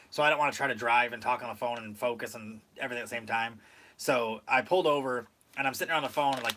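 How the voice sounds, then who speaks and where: A man's voice: medium pitch, sharp tone, slight background noise. A young man from Michigan hosting a casual podcast, rambling through a story and saying "like" a lot. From Michigan, USA. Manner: rambling storyteller, says "like" often. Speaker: podcast host. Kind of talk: casual chat.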